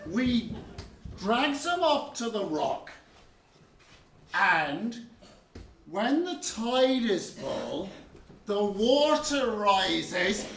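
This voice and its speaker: A woman acting a dim, gloating pirate henchman in a pantomime, with a slow drawl. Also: mid-range voice, sing-song, heavily acted. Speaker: amateur stage actor. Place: community stage hall. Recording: echoey hall from far off, noisy.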